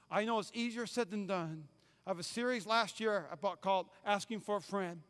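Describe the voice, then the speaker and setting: A man preaching a sermon as pastor, emphatic, repeating key phrases and swinging from loud to hushed. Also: high voice, fairly quick. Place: church sanctuary. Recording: hall reverb, church sanctuary.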